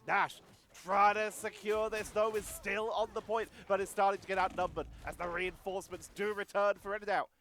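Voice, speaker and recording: A man casting a competitive video game match live, giving rapid play-by-play and chatting about viewer comments. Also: sits high, slight background noise. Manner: rapid excited play-by-play, talks to chat. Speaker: esports caster.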